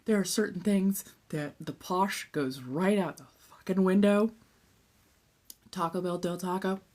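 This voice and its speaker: This is a woman from Southern California with a fairly low voice, chatting loosely on a phone live stream. Her ASMR talk is relaxed and easygoing, and she drops into breathy whispers between her normal lines. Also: measured pace. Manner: chatty and relaxed, drifts into soft whispered asides, casual swearing.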